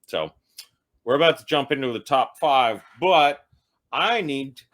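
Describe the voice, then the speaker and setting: Expressive and fairly bright, this mid-range male voice moves at a measured pace. After some drinking, he hosts a casual comedic ranking of TV episodes, rambling loosely and mocking himself.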